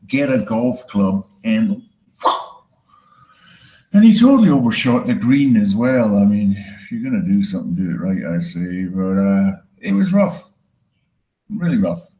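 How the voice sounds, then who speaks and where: A man from Scotland with a Scottish accent softened by years in Canada, performing a rambling, self-deprecating stand-up set and swearing freely. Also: medium pitch, roomy sound, poor audio. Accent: Scottish, with some Canadian. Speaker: stand-up comedian.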